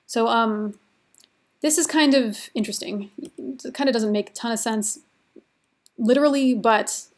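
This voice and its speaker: A woman with a fairly high voice lecturing on ancient poetry for a recorded class. She talks in a loose, conversational way, full of casual fillers, and often rushes ahead in quick bursts. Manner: chatty, informal, many "like" and "kind of" fillers. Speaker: literature lecturer.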